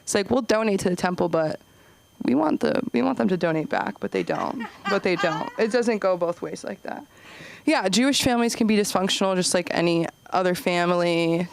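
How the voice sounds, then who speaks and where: A woman doing an open-mic stand-up set on a club stage, chatty and self-deprecating, her pitch jumping up when she gets excited. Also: a little fast, creaky, a little hiss or hum. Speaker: stand-up comedian.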